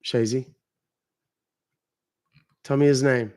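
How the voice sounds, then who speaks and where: A man's voice: mid-range voice, fairly even intonation, slow pace, dark tone. A man hosting a live stream, chatting casually and profanely with his audience and joking around. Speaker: livestream host.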